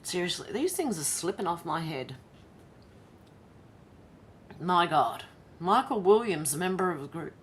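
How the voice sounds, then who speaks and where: Exasperated Australian woman, slightly low voice. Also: big pitch swings, a little slow, pauses often, a little hiss or hum. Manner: exasperated, incredulous, breaks into laughter. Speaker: livestream host. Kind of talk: reading news aloud with commentary. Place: at home.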